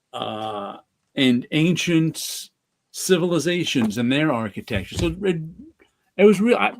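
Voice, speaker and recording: Rambling New York man chatting. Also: medium pitch. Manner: rambling, with restarts and light laughs. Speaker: podcast co-host. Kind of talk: casual chat.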